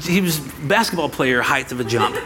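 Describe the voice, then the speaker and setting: Crowd noise surrounds a pastor with a mid-range voice speaking at a moderate pace. In the church sanctuary, he tells his congregation a personal story with lively delivery, voicing the quoted characters himself.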